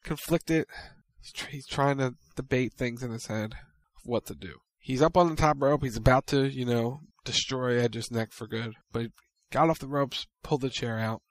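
Guy recapping a show, brisk storyteller, dry close mic, mid voice. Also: mid-range voice, dry recording. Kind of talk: casual recap of a wrestling show.

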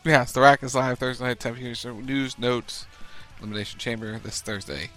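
A man's voice: medium pitch, fairly even intonation, brisk, pushed and bright. Male producer voice, plain and businesslike, faint music behind. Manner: matter-of-fact, reads out show times and links. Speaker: radio show producer and co-host. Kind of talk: casual wrestling radio banter.

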